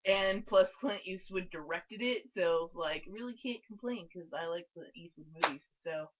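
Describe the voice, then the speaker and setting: A woman's voice: fairly low pitch, moderate pace. A young woman reviewing a movie in a casual vlog, bubbly and giggly, full of filler words. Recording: dull lo-fi webcam audio.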